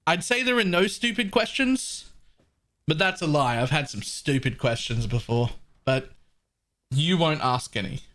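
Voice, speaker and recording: A man's voice: fairly high pitch, animated, measured pace, fairly bright tone. An Australian man in his thirties streaming a game live from his home room, chatting casually with viewers in a blunt, joking way and swearing freely.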